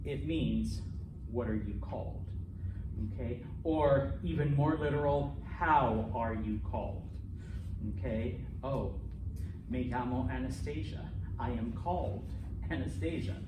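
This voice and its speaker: A man teaching a classroom Spanish lesson, animated and constantly checking in with his students. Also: mid-range voice, a little slow, noisy background. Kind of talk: classroom lecture. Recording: echoey classroom from far off.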